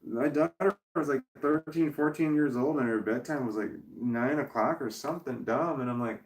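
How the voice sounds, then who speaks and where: A man's voice: medium pitch, normal speed, recorded from a distance. A man casually telling a long personal story to camera, rambling and profane, with frequent restarts and chuckles. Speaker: vlogger. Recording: roomy echo, voice off-mic.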